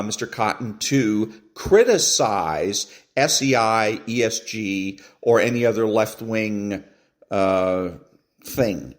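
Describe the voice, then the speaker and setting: A middle-aged man hosting a podcast, giving casual political commentary on clips he plays, rambling with many fillers and restarts. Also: medium pitch. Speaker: podcast host.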